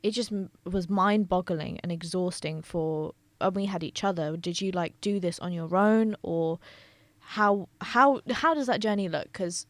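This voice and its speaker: A woman's voice: fairly low pitch, unhurried, few pauses, no echo. A woman with a Yorkshire accent hosting a casual interview, chatty and rambling with frequent restarts. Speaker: podcast host.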